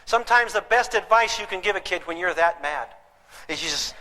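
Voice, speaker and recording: A man giving a humorous parenting seminar, talking in an animated, theatrical way. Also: sits high, brisk, big-room sound, a little hiss or hum, rough recording. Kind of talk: humorous live seminar talk. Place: lecture hall with an audience.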